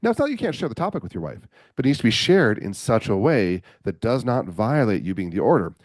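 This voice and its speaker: Male coach guest, middle-aged, low voice, rapid animated storytelling, dry studio sound. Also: no echo. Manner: animated storyteller, acts out quotes. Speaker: podcast guest, men's coach. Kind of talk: storytelling interview.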